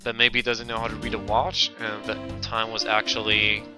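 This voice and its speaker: A man's voice: fairly low pitch, normal speed, poor audio. A man streaming a video game, chatting casually with viewers between dialogue. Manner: relaxed, chatty, talking to chat. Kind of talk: let's play commentary. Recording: game music playing underneath.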